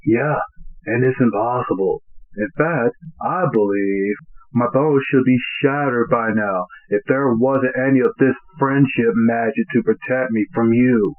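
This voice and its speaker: A man voicing an exasperated young human man with a deadpan, grumbling delivery for an amateur fan fiction reading. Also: medium pitch, measured pace, close to an everyday voice. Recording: tinny, phone-like lo-fi audio.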